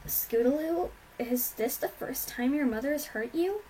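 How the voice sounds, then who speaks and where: A brash, tomboyish young pegasus mare, played by a woman who talks loud and blunt. She sits a little higher than the reader's usual voice, in a homemade storybook reading with faint noise behind. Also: normal speed, distant mic, natural voice, poor audio. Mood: urgent.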